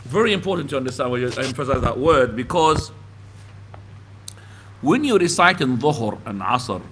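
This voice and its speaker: A man's voice: medium pitch, very animated, moderate pace, a bit bright, slight background noise. A man teaching a small class, patiently explaining and often asking whether the student understands. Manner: patient, asks checking questions. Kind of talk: classroom lesson. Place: mosque classroom.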